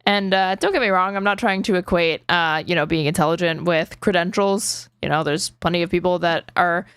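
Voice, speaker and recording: A woman's voice: lowish voice, brisk, fairly bright tone, clear, resonant tone, no room sound, clean studio sound. A woman hosting a reaction stream, ranting in an exasperated, profane way as she comments. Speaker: streamer host.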